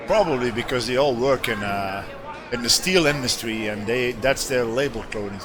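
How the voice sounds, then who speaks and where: A man's voice: medium pitch, moderate pace, crowd noise. A male streamer in casual gameplay commentary, rambling and joking as he reads game text aloud. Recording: steady background noise.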